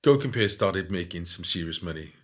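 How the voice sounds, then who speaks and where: A man telling stories in a casual interview, animated and often adding "right?". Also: low-pitched, fairly quick. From Wales. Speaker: guest.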